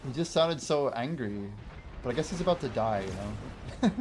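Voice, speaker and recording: A man's voice: mid-range voice, animated, normal speed, a little mellow, a little hiss or hum. A man chatting casually while livestreaming a game, answering viewer chat and laughing often. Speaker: game streamer. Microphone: wears headphones while streaming.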